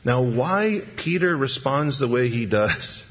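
A man's voice: medium pitch, animated, slow pace, highs cut off, a little hiss or hum. A man preaching a sermon, dramatically retelling a scene and acting out its people in voices.

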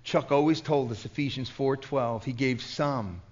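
A man's voice: medium pitch, unhurried, darkish tone. A man with a New York accent preaching at a conference, telling stories with passion and frequent stammering restarts. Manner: impassioned, stammering restarts, storytelling. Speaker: pastor. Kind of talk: conference sermon. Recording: dull lo-fi recording.

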